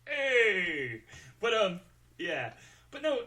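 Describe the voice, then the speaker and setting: A man's voice: a little high, lively intonation, a little slow, sharp tone. A man hosting a show, talking candidly about his feelings and joking at his own expense while close to tears. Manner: candid, joking, self-deprecating. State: tearful. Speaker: podcast host. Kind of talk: personal monologue.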